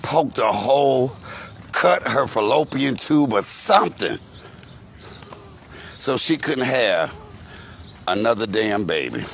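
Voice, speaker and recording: A man's voice: medium pitch, slow pace, vocal fry, pauses often, slight background noise. A man vlogging outdoors on a phone, telling a profane, insulting rant about family. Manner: animated, cursing, insulting storytelling. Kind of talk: profane ranting monologue. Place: outdoors, walking to a grocery store.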